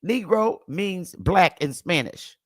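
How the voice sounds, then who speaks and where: A woman's voice: sits low, expressive, unhurried, a bit bright, no room sound, clean studio sound. A woman giving a casual, emphatic lecture to camera, with repetitive, preachy asides. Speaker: self-styled history teacher.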